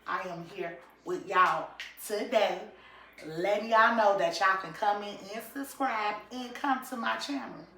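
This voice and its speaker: A woman's voice: mid-range voice, measured pace, far from the mic. A woman YouTube vlogger chatting casually and animatedly to her viewers. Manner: animated, talks straight to viewers. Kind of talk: casual commentary chat. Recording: echoey room, voice off-mic.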